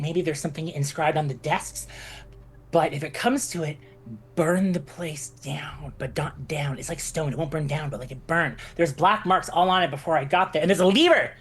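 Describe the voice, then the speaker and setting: A woman playing a tabletop role-playing game, excitable and quick to shriek and laugh. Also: sits low, slight background noise. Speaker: player. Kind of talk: in-character tabletop play.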